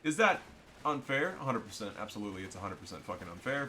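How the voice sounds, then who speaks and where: A man's voice: lowish voice, big pitch swings, fast talker, sharp tone, slight background noise. A man giving casual, joking and profane commentary over a strategy game match. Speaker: gameplay commentator.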